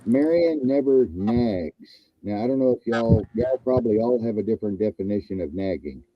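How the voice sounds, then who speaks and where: A man's voice: lowish voice, quick pace, dry recording, highs cut off. A man hosting a casual chat, rambling and joking and repeating himself. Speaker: host.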